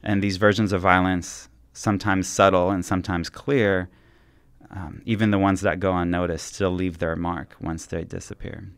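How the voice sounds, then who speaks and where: A man, an author being interviewed on a radio talk show, telling stories in an earnest, gently reflective way. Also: sits low, little pitch movement, normal speed, no room sound. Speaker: author guest.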